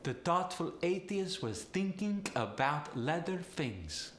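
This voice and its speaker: A man's voice: fairly high pitch, very animated, slow pace, a bit bright, reverberant, slight background noise, voice pushed up, exaggerated voice. A man putting on a Polish accent in English to demonstrate its sounds, exaggerating each word. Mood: demonstrative.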